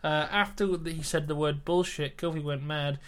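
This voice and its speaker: A man's voice: a little high, steady tone, normal speed, a bit bright, clear, resonant tone. A man co-hosting a casual wrestling podcast, recapping matches bluntly and joking with his co-host. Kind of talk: casual chat.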